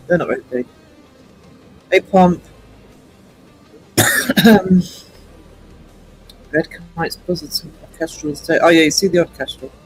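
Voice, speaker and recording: Guy on a live stream, fairly high voice, rambly, lots of ums, faint music behind. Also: slow pace, pauses often, poor audio. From United Kingdom. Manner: rambling, chatty, greets chat by name, many ums. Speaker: livestream host. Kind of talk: casual live-stream chat with viewers.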